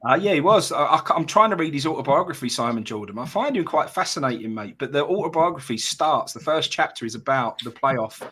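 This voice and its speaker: A man's voice: a little high, lively intonation, brisk, few pauses, pushed and bright, breathy edge. A man, co-hosting a live fan stream and telling rambling stories full of fillers and "mate". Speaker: fan channel co-host. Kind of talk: casual live-stream chat.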